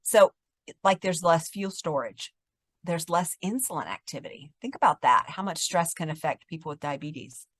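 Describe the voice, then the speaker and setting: A middle-aged woman therapist explaining trauma responses in a conversational interview, telling stories and sometimes dropping to a calm soft voice. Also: fairly low pitch, moderate pace, no echo. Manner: explanatory, animated storytelling, drops to a calm soft voice when demonstrating.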